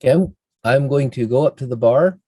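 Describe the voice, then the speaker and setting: A man's voice: medium pitch, brisk, a little mellow, no echo, clean studio sound. A man playing a tabletop game, speaking his bard's lines in a flowery, theatrical way. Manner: flowery, theatrical in-character speech. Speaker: player.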